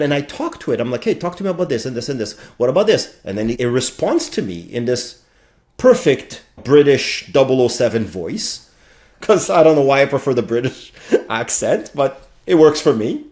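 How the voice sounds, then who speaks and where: A man in his late thirties, a guest on a podcast, speaking casually and animatedly, firing out thoughts in quick bursts with playful sound effects. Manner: animated, talks fast in bursts with sound effects like bam and boom. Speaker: guest, fractional CTO.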